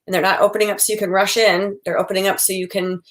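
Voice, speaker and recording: Woman therapist in her 40s, chatty, mid-pitched voice, slips into little acted-out quotes. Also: level tone, quick pace. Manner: chatty, acts out quoted dialogue. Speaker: psychotherapist. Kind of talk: casual expert advice talk.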